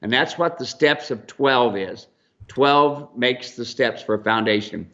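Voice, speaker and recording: A man's voice: medium pitch, unhurried, a bit bright. A man who trains mules, telling rambling, folksy stories on a radio show. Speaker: mule trainer and ranch owner. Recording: dull lo-fi broadcast audio.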